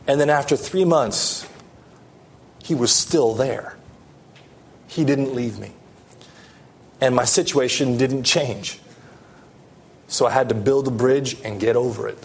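Slow, earnest male preacher. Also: mid-range voice, gravelly, a little hiss or hum. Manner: earnest, rising emphasis and soft drops. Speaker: pastor. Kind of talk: sermon.

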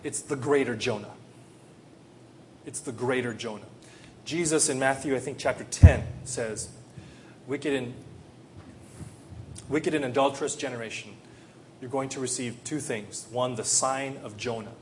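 An impassioned male preacher delivering a sermon in a church, his voice swelling into loud, pleading questions and then sinking low and hushed. He sits at an ordinary middle pitch, with a faint hiss of noise behind him. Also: a little slow, pauses often. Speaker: pastor.

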